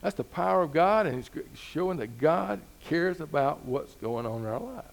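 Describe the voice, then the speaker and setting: A man's voice: a little high, expressive, moderate pace, vocal fry. A man preaching a sermon as pastor, talking to the congregation in an easygoing way with rhetorical questions and rising emphasis.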